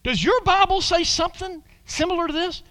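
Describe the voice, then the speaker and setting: A man preaching a sermon, swinging from loud exclamations to hushed whispers and calling on the congregation to repeat lines after him. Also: very high-pitched, fairly quick. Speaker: pastor.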